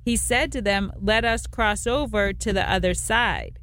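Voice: medium pitch, measured pace, bright, forceful tone. A pastor on a radio talk show, reading Bible verses aloud and explaining them in conversation.

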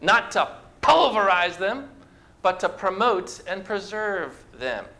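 In a church before his congregation, this pastor preaches in a high, sing-song voice that is slow, bright, and forceful. His sermon is conversational, and he asks the people questions.

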